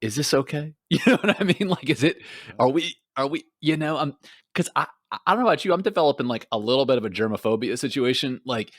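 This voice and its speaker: A man's voice: mid-range voice, fast, no echo, studio quality. A man from Houston co-hosting a casual podcast, telling stories with lots of laughter and acted-out quotes. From Houston, Texas. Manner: animated storytelling, laughs often, acts out quotes. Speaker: podcast co-host. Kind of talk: casual chat. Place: lives in Amsterdam, talking remotely.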